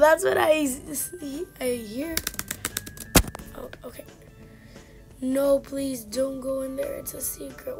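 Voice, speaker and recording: A woman hosting live gameplay commentary, chatty and excitable, teasing the game characters, with game music behind her. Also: high voice, slow, pauses often. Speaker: gaming channel host.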